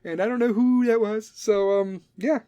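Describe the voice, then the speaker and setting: A man's voice: high-pitched, moderate pace, warm tone, clean tone. A man in his thirties hosting a podcast, talking in a blunt, profane, rambling monologue that drifts off on tangents. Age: 30s. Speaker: podcast host.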